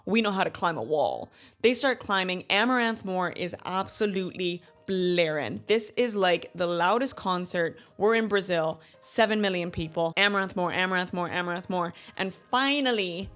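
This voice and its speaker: A woman in her thirties hosting a book club review in a chatty, animated way, laughing often and acting out quotes. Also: on the low side, normal speed, faint music behind. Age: 30s. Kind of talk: casual book review chat.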